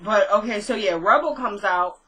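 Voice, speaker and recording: A woman's voice: medium pitch, moderate pace, bright, forceful tone, slight background noise, poor audio. A woman casually recapping a TV episode, chatty and full of fillers. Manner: chatty retelling, filler-heavy, laughs at own asides. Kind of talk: casual chat.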